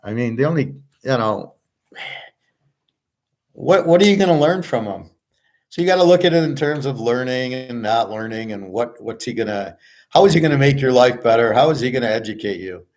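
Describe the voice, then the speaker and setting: A man's voice: mid-range voice, expressive, moderate pace, a little mellow. A man from the United States hosting a casual monologue, blunt and profane as he rants. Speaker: podcast host.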